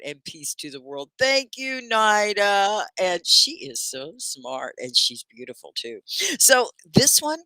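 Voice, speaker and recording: An older woman leads a live English lesson from home. Her voice is bright and lively, sweeping up and down as she talks. She speaks slowly and chats with her viewers, and the sound is dry and close to the mic. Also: deep voice, dry recording. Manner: animated, chatty, asks viewers many questions. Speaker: ESL teacher.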